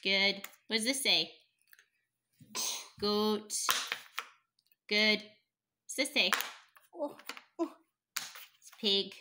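A young woman teaching a toddler phonics at home, sounding out letters slowly in a sing-song, encouraging way. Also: medium pitch, background noise. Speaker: parent teaching a child to read.

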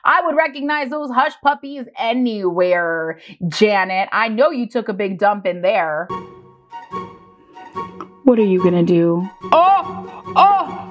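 A woman's voice: mid-range voice, measured pace, dull audio, soft background music. A woman hosting a reaction video, chatting casually, teasing and laughing a lot. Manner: animated, teasing, laughs often.

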